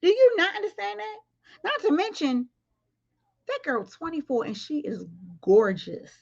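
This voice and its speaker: A livestream commentary host goes off in a very high-pitched, gravelly voice whose pitch swoops wildly, speaking a little slowly. Blunt and cussing, she addresses viewers directly in casual talk, with a somewhat dull sound.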